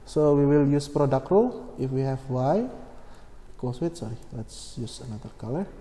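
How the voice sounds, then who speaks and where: A man explaining a maths problem step by step, slow and methodical, with many fillers and self-corrections. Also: medium pitch, expressive, dark tone. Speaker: maths tutor. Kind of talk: screen-recorded maths lesson. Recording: echoey room with long reverb, faint hum.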